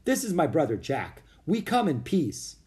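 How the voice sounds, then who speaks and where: A man's voice: a little high, huge pitch swings, normal speed, a little mellow, pitched above the performer's own voice. A man reading a storybook and voicing a young girl who is eager and chatty. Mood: cheerful. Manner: bubbly, blurts things out.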